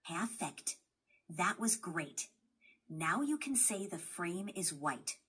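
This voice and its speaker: A woman's voice: lowish voice, husky. A woman's voice, computer-made, guiding a language lesson in a patient, encouraging way. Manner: patient, encouraging, even-paced. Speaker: language tutor assistant.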